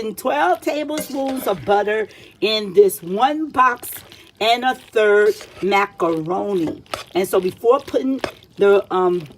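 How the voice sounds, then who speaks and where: A woman's voice: medium pitch, a little hiss or hum. A woman giving a casual cooking demonstration in a home kitchen. She talks in a chatty, repetitive, teacherly way, keeps checking in with her listeners, and speaks directly to kids and teens. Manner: chatty and repetitive, checks in with "see?" and "all right?". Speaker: home cook.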